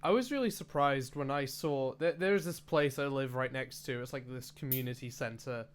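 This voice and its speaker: A man's voice: medium pitch, moderate pace, smooth. A young man co-hosting a podcast in casual chat, rambling, swearing and laughing at his own slips. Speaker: podcast co-host.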